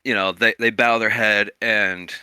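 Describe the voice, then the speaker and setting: Bright, crisp-voiced male game master. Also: fairly low pitch, fairly even intonation, a little slow, dry recording. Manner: loose, searching narration full of "like" and "kinda". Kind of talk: narrating a tabletop game.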